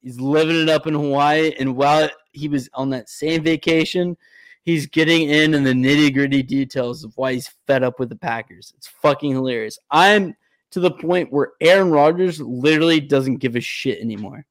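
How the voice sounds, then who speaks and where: A young man, co-hosting a casual sports podcast, telling stories with animated, profane energy. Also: fairly high pitch, normal speed, dry recording. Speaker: podcast co-host.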